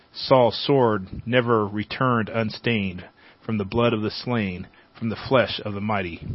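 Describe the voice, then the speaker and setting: Man, scripture reading, measured delivery, dry close sound, muffled lo-fi audio. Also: mid-range voice, no room sound. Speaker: Bible teacher.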